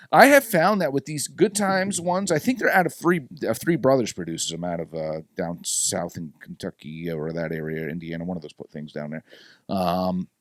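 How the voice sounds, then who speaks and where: Lively-voiced man hosting a casual podcast. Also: low voice, dry recording, studio quality. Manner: animated, swings between loud and quiet. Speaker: podcast host. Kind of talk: casual chat.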